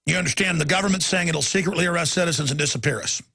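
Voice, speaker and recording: A man hosting a talk show launches into a heated, emphatic rant. His voice is gravelly and raspy, with a tense, sharp edge. It sits a little higher than most men's. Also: rapid-fire. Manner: angry, ranting, heated and emphatic. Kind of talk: impassioned talk radio rant.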